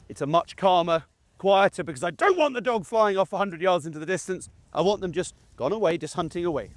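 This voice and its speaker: Outdoors in a field beside a game crop, a man who trains gundogs chats about his commands while working his dog, pausing to call out short commands to it. His voice is high and brisk, and the recording is dry.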